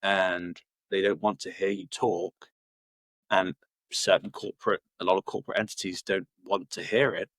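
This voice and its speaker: A man's voice: low-pitched, flat delivery, normal speed, a bit bright, no room sound. A man from Cornwall, chatting loosely as a podcast guest, full of fillers and restarts. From Cornwall, England. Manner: rambling, many fillers and restarts. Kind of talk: casual interview chat.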